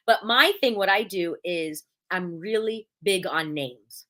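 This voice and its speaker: A woman hosting a casual live podcast, talking at an ordinary middle pitch. She is blunt and animated, hammering her points home and acting out quick little exchanges with other people. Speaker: podcast host.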